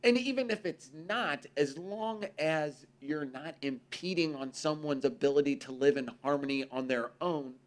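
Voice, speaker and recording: A man's voice: a little high, moderate pace, hardly any pauses. A man co-hosting a casual talk show, swearing freely and telling stories, acting out the voices of people he quotes. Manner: profane, storytelling, acts out quoted voices. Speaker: podcast co-host. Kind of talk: casual chat.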